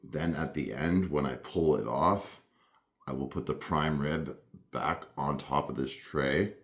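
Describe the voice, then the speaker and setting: A man's voice: very deep voice, unhurried, vocal fry. A laid-back man hosting his own barbecue cooking vlog, chatting casually and thinking aloud as he works. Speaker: barbecue cook and show host.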